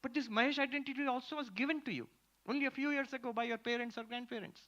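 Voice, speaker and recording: Animated monk lecturing. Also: male voice, very high voice. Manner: animated, emphatic, pauses to repeat key phrases. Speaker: monk teaching Vedanta. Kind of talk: spiritual lecture with audience Q&A. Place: lecture hall with audience. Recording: muffled lo-fi lecture recording.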